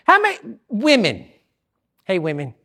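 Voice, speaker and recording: A woman pastor preaching a sermon in an animated way, swinging between loud bursts and hushed asides. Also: mid-range voice, a little slow, slightly rough.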